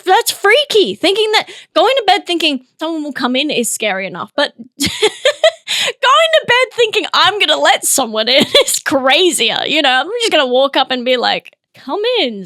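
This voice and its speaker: A woman's voice: on the high side, creaky, a bit bright, no echo, studio quality. An Australian woman hosting a comedy podcast, rambling and laughing often as she muses aloud. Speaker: podcast host. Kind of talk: comedic solo podcast musing.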